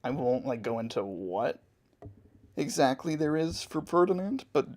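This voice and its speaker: Man streamer, mid-pitched, easygoing live chat delivery. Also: moderate pace. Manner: relaxed, chatty, laughs between answers. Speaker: streamer drawing and answering chat.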